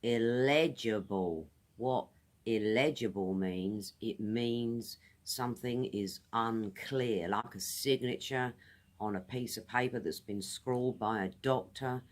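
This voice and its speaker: Slow-spoken British woman teaching English. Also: extremely low pitch. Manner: friendly, repeats words slowly for pronunciation. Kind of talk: casual video lesson. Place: outdoors.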